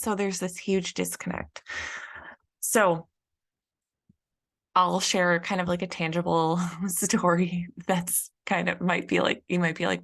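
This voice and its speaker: A young woman talks through a casual solo podcast in a low, gravelly voice with a lot of vocal fry. She is chatty and loose, full of fillers and restarts. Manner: chatty, many fillers, acts out frustrated quotes. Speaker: podcast host and business coach.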